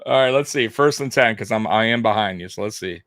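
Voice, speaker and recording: A man co-hosting a casual live football watch party, talking in a loose, animated way, laughing often and repeating himself. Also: lowish voice, brisk, no echo, studio quality. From half Italian heritage. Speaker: co-host of a sports watch-party stream.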